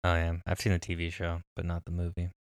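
Very deep-voiced man in easy chat. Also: monotone, quick pace, smooth, no echo, clean studio sound. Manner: easygoing, laughs often, thinks aloud. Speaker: podcast co-host. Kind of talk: casual chat.

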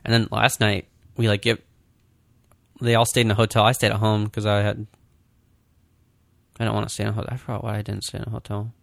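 A man's voice: lowish voice, monotone, fast talker, creaky, long pauses, no echo. A man co-hosting a podcast, telling rambling anecdotes in casual chat, full of "like". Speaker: podcast co-host.

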